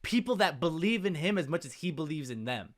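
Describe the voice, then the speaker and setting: A man on a casual podcast, telling a story in an animated way with casual swearing. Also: on the high side, a little fast. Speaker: podcast co-host.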